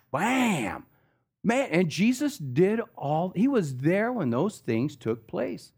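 A man's voice: high voice, darkish tone. A pastor preaching a sermon, talking casually and with slang, acting out the stories he tells.

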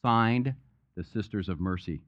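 A man with a lowish voice speaks a little slowly in a muffled recording. He's a pastor delivering a sermon in a church sanctuary, keeping it conversational and weaving in jokes.

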